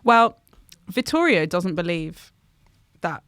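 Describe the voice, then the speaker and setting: A woman's voice: fairly low pitch, very animated, slow pace, fairly bright tone, dry recording, clean studio sound. A woman co-hosting a podcast, speaking tentatively and thinking aloud in casual chat. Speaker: podcast producer and co-host.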